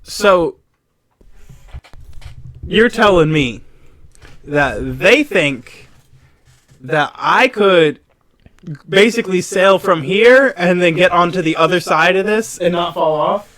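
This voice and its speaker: A man co-hosting a podcast who talks slowly in a high voice that swings widely. He sounds openly disbelieving and keeps breaking in to stop the other speaker. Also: animated, fairly bright tone. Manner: incredulous, keeps interrupting with repeated wait and hold on. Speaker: podcast co-host. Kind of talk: casual chat.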